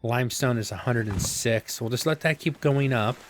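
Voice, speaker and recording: A man of medium pitch and normal speed, with slight background noise, comments casually on a video game he's playing. As a gameplay video host at a desk microphone, he rambles through asides in a chatty, self-mocking let's-play style.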